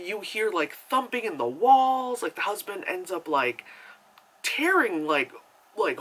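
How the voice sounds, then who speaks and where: A man talks through a movie review in a loose, rambling way, full of fillers. His voice sits a little high and sounds bright and sharp. He gets animated and acts out the characters as he goes. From New York. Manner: animated storyteller, acts out quotes. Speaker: film reviewer.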